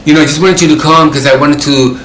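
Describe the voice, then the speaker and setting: A man's voice: on the high side, fairly even intonation, fast, a bit bright, echoey room, pitched above the performer's own voice, natural voice, rough recording. A man quoting a teasing sick friend. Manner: teasing, clowning. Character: joking sick male friend in hospital.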